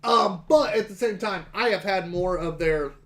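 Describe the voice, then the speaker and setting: A man's voice: sits high, normal speed, vocal fry, a bit bright. A man co-hosting a beer podcast, chatting casually and swearing now and then as he describes the flavor. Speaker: podcast co-host. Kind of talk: casual beer-tasting chat.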